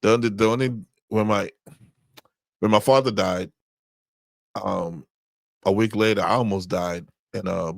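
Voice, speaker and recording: A man co-hosting a faith-based marriage podcast, speaking in a halting way as he searches for words. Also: sits low, vocal fry, no room sound, studio quality. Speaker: podcast co-host. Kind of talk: casual faith-based chat about marriage.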